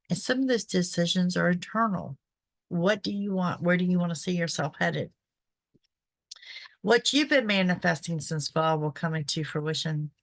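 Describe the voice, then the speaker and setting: A woman's voice: on the low side, no room sound. A woman, a psychic host giving a casual, chatty horoscope reading, often checking in with "okay?". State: throat irritated by pollen. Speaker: psychic reader, show host.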